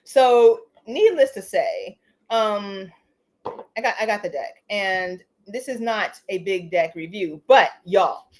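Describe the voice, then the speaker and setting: A woman hosting a casual live stream, talking in an animated, chatty way, laughing often and tagging lines with "you know" and "okay?". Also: mid-range voice, takes it slowly. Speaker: livestream host. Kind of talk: casual livestream chat.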